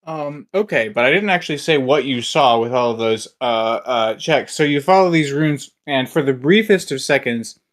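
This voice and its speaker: A game master narrating a tabletop game, slow and hesitant with many fillers. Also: mid-range voice, expressive.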